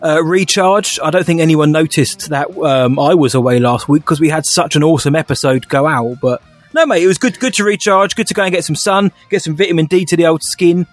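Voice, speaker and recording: A man's voice: a little high, brisk, no room sound, faint music behind. A young man co-hosting a podcast, chatting casually with jokey, upbeat banter. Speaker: podcast co-host. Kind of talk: casual chat.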